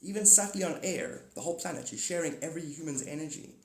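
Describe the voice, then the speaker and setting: A man talks on a live stream in loose, rambling chat, joking and a little cynical. His voice sits a touch high. The room around him rings with echo. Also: fast talker.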